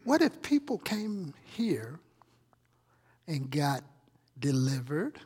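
A man's voice: on the high side, big pitch swings, slow pace, a little mellow, husky, big-room sound. A male pastor preaching a conversational sermon, teasing his congregation with questions and asides. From Chicago. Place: church sanctuary.

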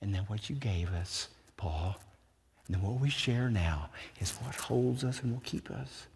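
In a church hall with long reverb, a pastor delivers an animated sermon, telling stories and quizzing the congregation with questions. He speaks unhurriedly in a fairly low, husky voice.

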